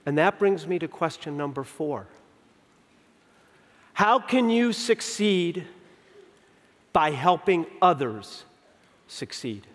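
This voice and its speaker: A man in his fifties speaks from a stage at a conference, with a fairly high voice for a man. His keynote is full of story, with dialogue acted out and key lines drawn out slowly. A long hall reverb trails behind every phrase. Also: some chatter behind. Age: 50s. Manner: animated storyteller who acts out dialogue and slows down for emphasis. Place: large conference venue.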